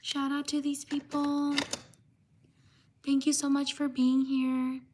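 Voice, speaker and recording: A woman livestreamer giving slow, careful shout-outs to viewers while writing their names by hand, often apologizing for pronunciation. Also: high voice, monotone, a little hiss or hum.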